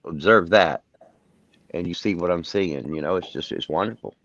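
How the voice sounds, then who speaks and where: A man's voice: sits low, moderate pace, fairly bright tone, slight background noise. A man on a panel musing philosophically, stammering and repeating words. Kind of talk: casual chat. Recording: dull, dry stream audio.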